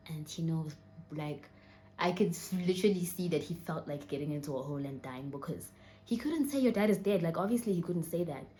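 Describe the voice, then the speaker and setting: A young Southern African woman in her twenties, seated indoors, tells a personal story on her vlog, holding back tears and often dropping to a near whisper. Her deep, mellow voice is expressive and brisk, with slight background noise.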